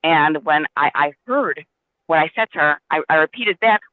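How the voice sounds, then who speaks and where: A man's voice: a little high, lively intonation, moderate pace, no echo. A man earnestly telling a personal story in a casual spiritual discussion, with many restarts. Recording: dry, tinny phone line.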